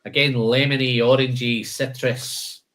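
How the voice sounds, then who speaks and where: A man's voice: medium pitch, little pitch movement, measured pace, fairly bright tone. A man hosting a live whisky tasting, listing flavour notes and chatting casually, calling people "man" and "mate".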